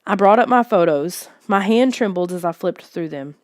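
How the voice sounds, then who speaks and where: A woman reading a first-person story aloud in steady, even narration. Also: lowish voice, moderate pace, dry recording, clean studio sound. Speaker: audiobook reader.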